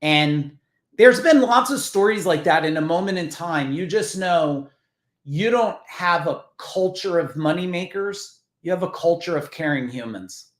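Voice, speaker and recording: Guy from jersey telling heartfelt business stories, cusses here and there, voice a bit high, roomy echo. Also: expressive, a little slow. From New Jersey. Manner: earnest, swears casually. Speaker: business founder guest. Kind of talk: emotional storytelling.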